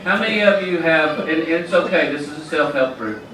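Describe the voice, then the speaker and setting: A man's voice: fairly high pitch, expressive, brisk, music in the background. A man giving an enthusiastic motivational talk at a conference, preaching and telling stories. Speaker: keynote speaker. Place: large conference hall. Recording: echoey hall from far off.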